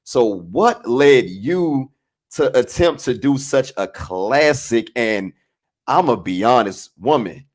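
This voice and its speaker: Man, from washington d.c., podcast host, animated pitch, slangy, enthusiastic. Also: slow pace. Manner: enthusiastic, hyped-up interviewer with slangy speech. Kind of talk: casual interview chat.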